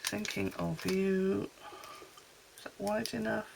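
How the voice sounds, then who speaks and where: This Welsh crafter talks slowly in a gravelly, mid-range voice with fairly even intonation. She rambles homely and chatty as she makes cards at her desk for a casual tutorial, with background noise behind her.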